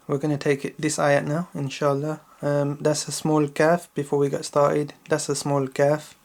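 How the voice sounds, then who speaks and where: Speaking a little high and in a monotone, a man guides children through slow Quran recitation. He stays patient, goes over every verse several times, and asks "yeah?" to check they follow.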